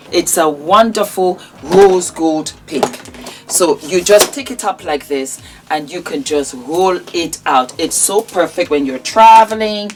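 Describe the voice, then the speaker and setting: Slow, low-voiced gushing woman host. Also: a little hiss or hum. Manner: gushing, affectionate, calls viewers darling. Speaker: vlog host. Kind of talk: casual product promotion.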